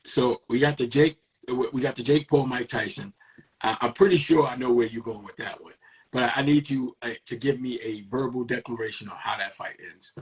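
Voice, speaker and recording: A man hosting an interview, talking in a relaxed, reflective and conversational way. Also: mid-range voice, a little fast, husky, low-quality recording. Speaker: interview host. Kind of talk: casual interview chat.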